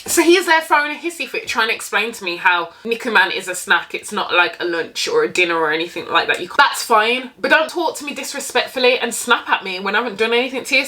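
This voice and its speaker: Young woman vlogger, bright voice, candid and sweary storyteller. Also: a little high, fast, hardly any pauses. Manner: candid, animated, swears freely. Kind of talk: casual storytime.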